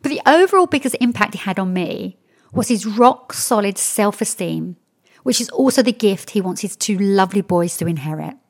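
A woman's voice: medium pitch, animated, normal speed. A woman hosting a podcast, recapping guests in an effusive, upbeat manner. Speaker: podcast host. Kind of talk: episode recap narration.

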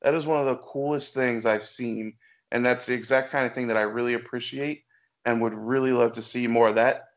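A man co-hosting a chat show, giving measured, analytical opinions in casual talk. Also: mid-range voice, steady tone. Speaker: podcast co-host.

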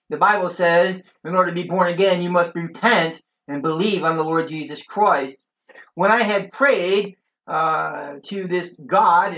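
A middle-aged man giving an earnest personal religious testimony in a preachy storytelling way, often pausing with "uh". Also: fairly high pitch, fairly bright tone. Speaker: church member giving his testimony. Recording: dull lo-fi recording.

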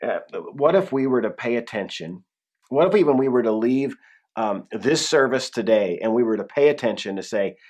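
A man's voice: mid-range voice, lively intonation, moderate pace, darkish tone. A man preaching a conversational sermon as pastor, with frequent restarts and emphatic drops in his voice.

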